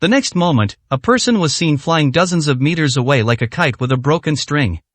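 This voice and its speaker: A man reading a translated martial arts serial story aloud in a steady storytelling manner. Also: fairly high pitch, a little fast, no echo. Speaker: narrator. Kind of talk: scripted story narration.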